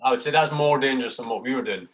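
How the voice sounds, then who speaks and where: Army guy spinning yarns, lots of swearing and "mate", mid-pitched. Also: rapid-fire, fairly bright tone. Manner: swears constantly, storytelling, keeps saying mate. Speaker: soldier telling war stories. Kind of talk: casual podcast chat.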